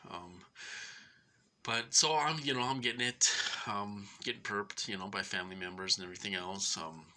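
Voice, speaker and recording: A man's voice: fairly low pitch, moderate pace, pushed and bright. A middle-aged man from Minnesota rambling through an aggrieved personal monologue, full of fillers and restarts, sounding short of breath. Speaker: vlogger.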